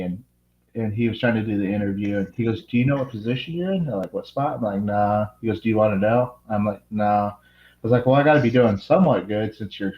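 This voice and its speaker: A man's voice: lowish voice, roomy sound, lo-fi sound. A man casually telling how his fishing tournament day went, rambling with lots of "like". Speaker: tournament angler interviewee. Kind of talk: casual storytelling.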